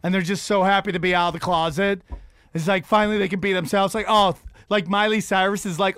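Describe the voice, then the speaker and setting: A man's voice: sits high, steady tone, fast talker, a bit bright, clean tone, no echo, studio quality. A man hosting a casual chat, telling rambling, profane, self-mocking stories.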